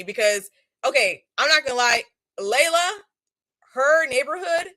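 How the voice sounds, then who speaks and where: A young woman vlogger telling a story in casual chat, emphatic and animated, often checking in with "okay?" and "right?". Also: high-pitched, moderate pace, no echo. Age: young adult. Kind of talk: casual storytime while doing a face mask.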